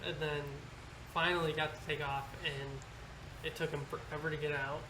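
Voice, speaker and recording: A man calmly recounting a travel delay in casual podcast chat, matter-of-fact. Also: on the high side, normal speed, noisy background. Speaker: podcast co-host.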